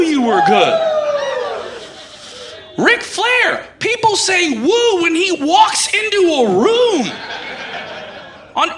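A man doing a stand-up comedy set on a club stage, ranting loudly with lots of animation. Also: very high-pitched, very animated, slow, long pauses, slight background noise.

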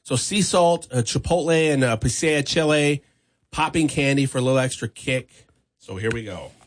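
A man's voice: mid-range voice, normal speed. A man hosting a morning radio show, chatty and upbeat, often laughing. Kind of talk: casual radio banter. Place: radio studio.

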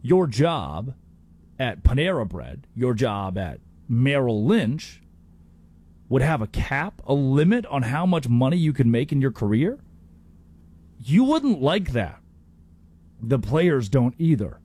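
A male sports talk host delivers opinionated commentary with a lot of energy. His voice sits at a middle pitch. He often restarts phrases as he talks. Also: breathy edge. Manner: animated, opinionated, with quick restarts and playful impressions.

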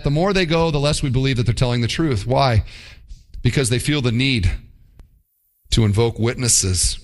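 A man preaching a sermon as pastor, animated and mock-quoting with playful asides. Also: mid-range voice, moderate pace, long pauses.

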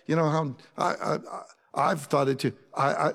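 A man preaching a sermon as pastor, talking in a conversational, animated way with asides to his congregation. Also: a little high, quick pace, gravelly, in a large hall.

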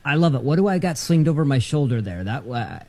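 Easygoing man co-host, warm, mellow tone, casual talk. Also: medium pitch, sing-song, fast talker. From United States. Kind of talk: casual talk show banter.

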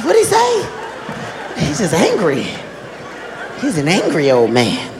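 High-voiced stand-up comic, live crowd. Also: male voice, takes it slowly. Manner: animated, laughing through his jokes. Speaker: stand-up comedian. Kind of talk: stand-up comedy. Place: comedy club stage. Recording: live club, crowd noise, long reverb.

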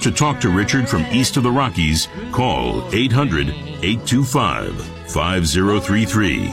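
Deep, deliberate radio announcer man. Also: big pitch swings. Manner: measured, deliberate reading. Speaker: show announcer. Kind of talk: scripted announcement. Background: music bed.

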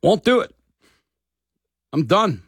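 A man's voice: sits high, big pitch swings, slow, a bit bright, slightly rough, no echo, studio quality. A man hosting a sports talk radio show, chatting bluntly and openly with callers. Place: radio studio.

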